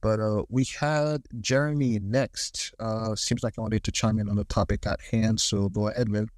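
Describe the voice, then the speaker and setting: A man hosting and moderating a casual live audio discussion, speaking in a brisk, businesslike way. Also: fairly low pitch, steady tone, darkish tone, no echo. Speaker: host and moderator.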